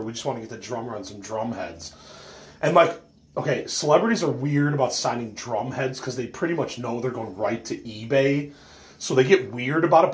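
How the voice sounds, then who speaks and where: A man telling a rambling story about collecting autographs, full of fillers and swearing, who says he is stoned. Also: medium pitch.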